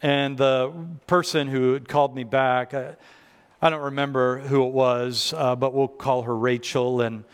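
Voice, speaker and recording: A man's voice: mid-range voice, little pitch movement, unhurried, clear, resonant tone. A man preaching a sermon as pastor, telling stories conversationally with self-deprecating humor, in a church. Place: church sanctuary. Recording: long reverb of a large church hall.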